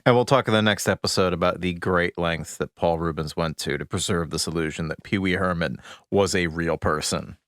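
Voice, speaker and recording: A man's voice: low-pitched, fairly quick, hardly any pauses, a bit bright, no echo, studio quality. A man co-hosting a podcast, chatting casually and sharing candid opinions. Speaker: podcast co-host.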